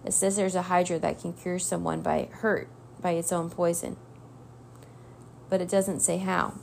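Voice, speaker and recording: Storybook girl, thoughtful, low gravelly tone, read by a woman. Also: flat delivery, normal speed, a little mellow, slight background noise.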